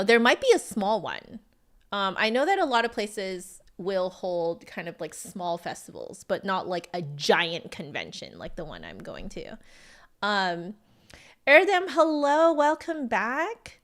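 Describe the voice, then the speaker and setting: A woman's voice: mid-range voice, a bit bright. A woman with an American accent, a flutist chatting casually with livestream viewers and answering their comments, friendly and full of ums and likes. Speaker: flutist streamer.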